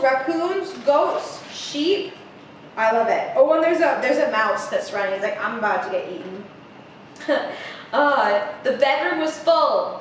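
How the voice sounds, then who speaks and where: A young woman reading a picture book aloud to children, animated and chatty with many asides, in an echoey room heard from a distance. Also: high voice, a little hiss or hum. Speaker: theatre coach reading to children.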